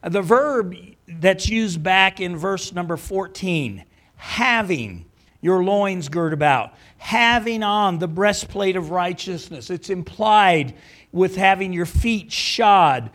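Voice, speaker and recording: A man's voice: sits high, fairly bright tone. A middle-aged man preaching a sermon, teaching verse by verse with frequent restarts and checks on his listeners. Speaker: pastor.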